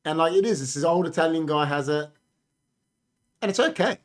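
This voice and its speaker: A man's voice: a little high, animated, fairly quick. A young Australian man co-hosting a casual podcast chat, talking emphatically and ending boasts with "bro". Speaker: podcast co-host.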